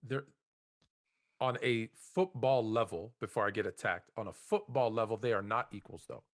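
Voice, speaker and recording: Man, sports talk co-host: measured, careful, stammers on restarts. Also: on the low side. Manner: measured, stammering restarts when pushing back. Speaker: podcast co-host. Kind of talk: casual sports debate.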